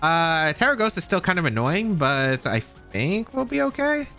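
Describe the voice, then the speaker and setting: Bright, animated man commentating gameplay. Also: on the high side, normal speed, creaky, soft background music. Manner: thinks aloud, second-guessing plays. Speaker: competitive game player.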